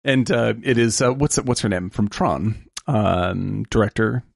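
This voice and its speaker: Give me a man with a gravelly voice, casual film chat on a call. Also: lowish voice, no room sound, clean studio sound. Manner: quick agreeing, searches for names. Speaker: podcast co-host.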